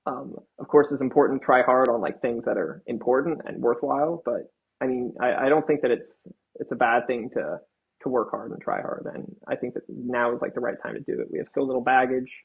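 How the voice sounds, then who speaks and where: A man's voice: mid-range voice, brisk, gravelly, husky, narrow, tinny audio. A young man in a band answering interview questions earnestly, rambling a little. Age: young adult. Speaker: band member guest.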